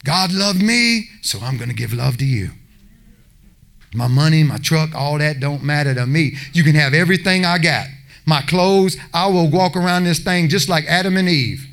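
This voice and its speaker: A man's voice: a little high, animated, normal speed, gravelly, a bit bright. A man preaching a passionate sermon, acting out little voices as he goes.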